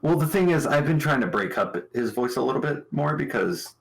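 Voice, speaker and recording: A man talking casually about his tabletop game character, thoughtful and halting, with many restarts. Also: medium pitch, lively intonation, vocal fry, poor audio. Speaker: tabletop game player on a talk show.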